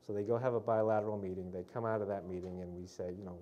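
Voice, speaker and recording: A man giving an explanatory public talk at a policy forum, measured and recounting events, with frequent "um" and "uh" and "right?" tags. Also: fairly low pitch, steady tone, warm tone, a little hiss or hum. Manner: storytelling recollection of negotiations. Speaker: guest speaker at a policy forum.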